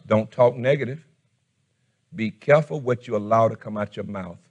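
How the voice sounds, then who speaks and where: A middle-aged man preaching a fervent sermon as pastor, shouting one moment and dropping low the next. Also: moderate pace.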